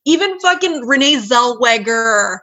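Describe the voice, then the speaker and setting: A woman's voice: a little high, lively intonation, a little slow, pushed and bright. A woman hosting a casual movie review podcast, blunt and ranting, swearing freely. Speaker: podcast host.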